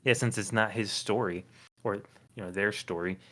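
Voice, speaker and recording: A man's voice: fairly low pitch, steady tone, moderate pace, fairly bright tone. A man co-hosting a casual comedic podcast, reading listener comments aloud and chuckling often. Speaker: podcast co-host.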